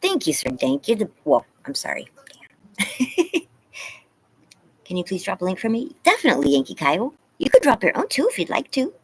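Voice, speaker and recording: A woman's voice: mid-range voice, wildly swooping pitch, normal speed, long pauses, a little mellow, husky, low-quality recording. A woman hosting a casual live stream, chatting with viewers and reading the chat aloud, laughing often. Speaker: livestream host. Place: home, yard.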